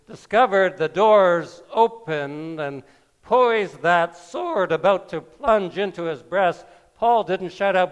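A man preaching a sermon, telling a scripture story slowly with wry asides. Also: high-pitched, expressive, clear, resonant tone. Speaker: pastor.

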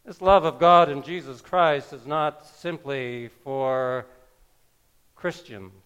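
A man preaching a sermon, telling a scripture story slowly with wry asides. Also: mid-range voice, a bit bright, clear, resonant tone. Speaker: pastor.

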